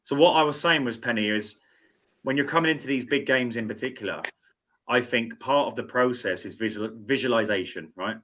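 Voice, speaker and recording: A man's voice: mid-range voice, fairly quick, bright, forceful tone. A middle-aged man hosting a sports show, chatting casually and repeating words as he thinks aloud. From United Kingdom. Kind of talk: casual studio interview chat.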